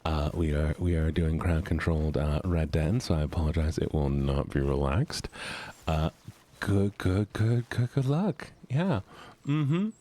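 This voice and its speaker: A man's voice: a bass voice, expressive, unhurried, warm tone. A man live-streaming a game, chatting casually with his viewers and swearing when startled. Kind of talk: casual live-stream chat while gaming.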